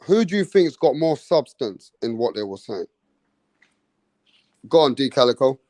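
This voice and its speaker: A man hosting a podcast in casual chat, blunt and animated, swearing freely. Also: mid-range voice, normal speed, dry recording. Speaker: podcast host.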